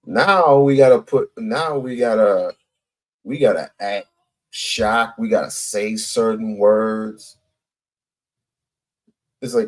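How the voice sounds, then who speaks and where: A man's voice: lowish voice, slow pace, pauses often, low-quality recording. A man giving a heated commentary rant, blunt and profane, repeating himself for emphasis.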